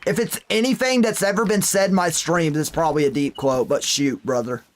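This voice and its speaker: A man's voice: a little high, a little fast. A young man streaming a hunting game, chatting casually and reading viewer messages aloud with folksy exclamations. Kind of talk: casual live-stream commentary.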